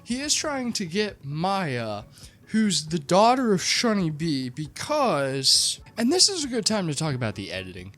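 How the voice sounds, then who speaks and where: A comedic movie reviewer tells a film's plot with sarcastic, animated storytelling and lots of "like" fillers. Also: medium pitch, measured pace. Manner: frequent "like" fillers.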